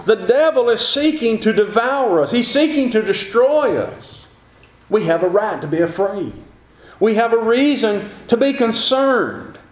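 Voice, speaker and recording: High-voiced man preaching a sermon. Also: very animated, measured pace, echoey room. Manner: earnest, repetitive rhetorical build-ups.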